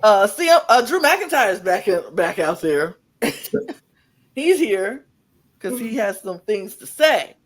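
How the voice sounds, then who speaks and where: A man's voice: high voice, big pitch swings, slow pace. A man co-hosting a podcast, recapping wrestling in casual chat with rambling, playfully sarcastic storytelling. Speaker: podcast co-host.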